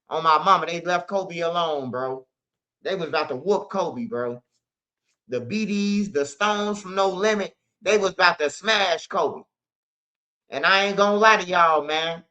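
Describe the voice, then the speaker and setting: A man's voice: fairly high pitch, moderate pace, pushed and bright. A man, a show host telling stories in a casual monologue, heavy on street slang and "bro". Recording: slightly dull lo-fi audio.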